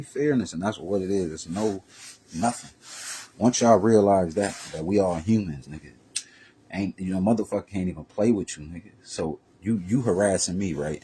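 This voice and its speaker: A man vlogging a profane, heated street-talk rant that swings from low muttering to loud raised bursts. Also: a little hiss or hum.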